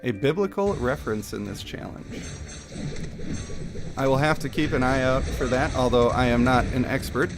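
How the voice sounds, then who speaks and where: A man's voice: medium pitch, normal speed, music in the background. A man streaming live, reading a game story aloud in a playful, self-mocking way.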